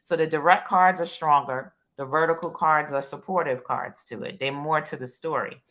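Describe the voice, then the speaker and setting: A woman's voice: sits low, normal speed, fairly bright tone. A woman with a New York accent in casual chat about card reading, rambling and repeating words with lots of "you know". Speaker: panelist.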